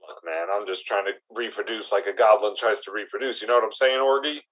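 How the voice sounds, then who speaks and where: A man doing a nervous, introverted male goblin in an improv comedy scene. He rushes his words and pleads for advice in a slightly raised voice. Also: lowish voice, a bit bright, low-quality recording. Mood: anxious.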